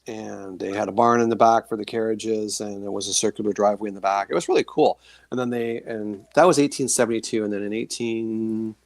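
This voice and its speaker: A man's voice: on the low side, dry recording. A middle-aged man, a guest author, telling rambling paranormal stories in casual chat, acting out the reactions of the people in them. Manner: rambling, animated storytelling with acted-out reactions. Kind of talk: casual storytelling on a podcast.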